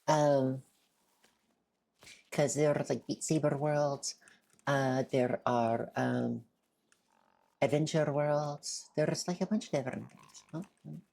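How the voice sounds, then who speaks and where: A woman streamer with a low, gravelly, dark-toned voice speaks slowly with long pauses. She chats casually through a let's-play of a game, talking while she eats.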